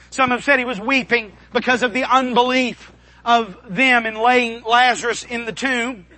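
A man's voice: sits high, sharp tone, rough recording. A man preaching a sermon, quoting scripture and rising to fervent emphasis.

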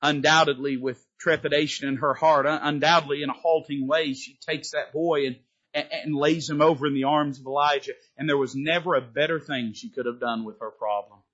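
A man preaching an impassioned sermon from a church pulpit, his pitch rising and falling sharply. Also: steady tone, a little fast, fairly bright tone, dull audio. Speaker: Baptist pastor. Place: church sanctuary.

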